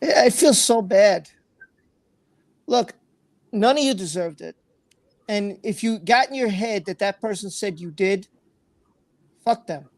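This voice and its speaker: A man's voice: sits high, a little slow, long pauses, no room sound. A man hosting a livestream, reading out viewer comments and talking in an earnest, emotional way, repeating himself and swearing freely. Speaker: livestream host.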